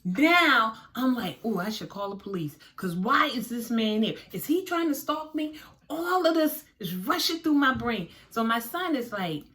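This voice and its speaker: Bright, animated woman telling a story. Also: on the high side, measured pace. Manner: animated, dramatic retelling with quoted dialogue. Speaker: storyteller vlogger. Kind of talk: casual storytelling to viewers.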